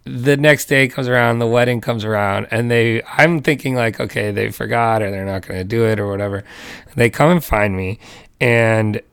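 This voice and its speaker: A man co-hosting a podcast, telling a story in a casual, animated way, laughing often and acting out the voices of the people he quotes. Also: medium pitch, normal speed, vocal fry, clear, resonant tone, no echo, clean studio sound. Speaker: podcast co-host.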